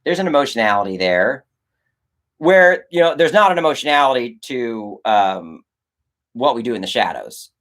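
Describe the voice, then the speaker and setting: Animated rambling man on a livestream. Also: mid-range voice, moderate pace. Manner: animated, rambling, swears, acts out quoted exchanges. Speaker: filmmaker answering chat on a livestream. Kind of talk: casual livestream chat.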